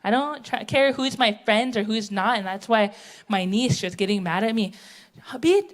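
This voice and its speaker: A woman's voice: mid-range voice, steady tone, moderate pace. A middle-aged woman from the United States doing a blunt, brash stand-up set on a theatre stage, speaking into a stage microphone. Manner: blunt, brash, tell-it-how-it-is. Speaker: stand-up comedian. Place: theatre stage, live audience.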